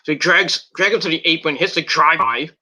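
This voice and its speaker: A man with a very bright, sharp-edged voice sitting slightly high for a man talks through a wrestling match. He rambles casually, stumbling over restarts and fillers and swearing freely. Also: fairly quick. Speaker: wrestling reviewer. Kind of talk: casual recap and commentary.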